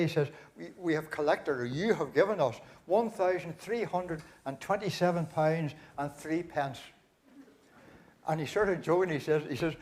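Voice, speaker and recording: High-voiced Northern Irish man telling jokes. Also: a little mellow. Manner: folksy storyteller, acts out the quoted voices. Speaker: concert compere. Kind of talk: live joke-telling to an audience. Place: church hall concert, live audience.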